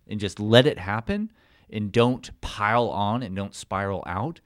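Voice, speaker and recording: A man's voice: fairly low pitch, a little slow, dry recording, clean studio sound. A man hosting a podcast in an encouraging way, summing up his guest's points and acting out quotes with animation. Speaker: podcast host. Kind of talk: casual podcast conversation.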